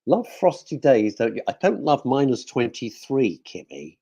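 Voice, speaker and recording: A man's voice: medium pitch, big pitch swings, moderate pace, vocal fry, warm tone, slightly rough, lo-fi sound. A male radio host chatting casually in a studio, cracking jokes and reading out listener messages. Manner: jokey, rambling, talks to himself.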